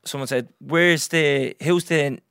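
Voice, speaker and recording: A young Irish man hosting a podcast, telling a story in a lively, swearing, casual way and acting out what others said. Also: a little high, slow, creaky, clear, resonant tone, dry recording, studio quality. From Ireland. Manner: animated, swears freely, acts out others' lines. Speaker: podcast host.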